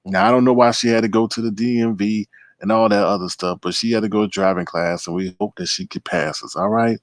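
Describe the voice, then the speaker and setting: A man's voice: on the low side, fairly even intonation, quick pace, no room sound, studio quality. A man hosting a late-night livestream, chatting casually, greeting viewers by name and rambling through asides. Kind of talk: casual live-stream commentary.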